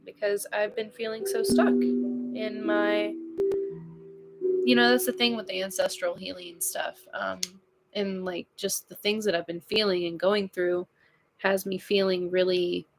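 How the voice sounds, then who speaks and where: A woman's voice: mid-range voice, flat delivery, a little slow, loud music behind the voice. A tired woman hosting a casual livestream at home, rambling, laughing often and swearing casually as she talks. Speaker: livestream host.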